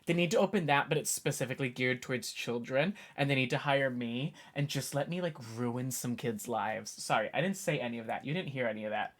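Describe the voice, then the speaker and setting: A man's voice: medium pitch, brisk, hardly any pauses. A man in his twenties, a streamer chatting casually and jokingly with his viewers. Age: 20s. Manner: animated, jokey, talks to chat while typing. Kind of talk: casual live-stream chat.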